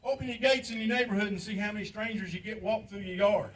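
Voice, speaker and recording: A man's voice: sits high, quick pace, far from the mic. An older man, a veteran giving an impassioned, pleading patriotic speech at a memorial ceremony, repeating lines for emphasis. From United States. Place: outdoor memorial park.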